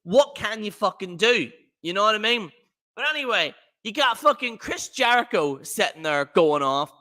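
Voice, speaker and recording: A man's voice: high-pitched, animated, moderate pace, bright, forceful tone. A man hosting a livestream, ranting in a profane, rambling, mocking way. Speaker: livestream host. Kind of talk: casual rant on a livestream.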